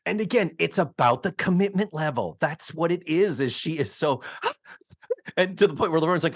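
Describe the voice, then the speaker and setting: A man's voice: fairly high pitch, normal speed, no room sound, studio quality. A man co-hosting a podcast, recapping a sitcom episode in casual chat and acting out the characters' lines. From Orlando. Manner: animated, acts out quoted lines. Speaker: podcast co-host.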